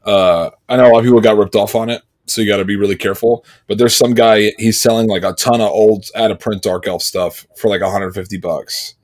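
A man with a somewhat low voice chatting casually on a podcast. He rambles through anecdotes and acts out the people in them, jumping between topics in a loose, informal way. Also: brisk, hardly any pauses. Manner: rambling storyteller, animated when quoting others. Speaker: podcast co-host. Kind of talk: casual chat.

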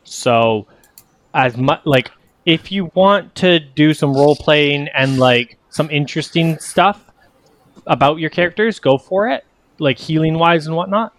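A man running a tabletop game as game master, explaining rules in a relaxed, rambling way with many fillers. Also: fairly high pitch, a little slow, dry recording.

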